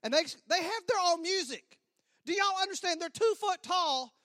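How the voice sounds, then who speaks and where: Animated man telling a story. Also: very high voice, normal speed, no room sound, studio quality, long reverb tail. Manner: animated, repeats himself, acts out sound effects. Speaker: speaker telling a comic wedding story. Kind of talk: stand-up storytelling to a church audience.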